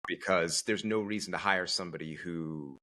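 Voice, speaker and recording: A man from Connecticut, a podcast guest, telling his story in an animated, conversational way. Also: low voice, normal speed, a little hiss or hum. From Connecticut, USA.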